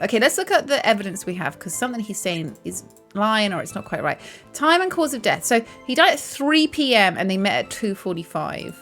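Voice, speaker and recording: A woman's voice: mid-range voice, very animated, a little fast, a bit bright, soft background music. A British woman live-streaming a courtroom game, chatty and self-mocking, laughing often. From Britain.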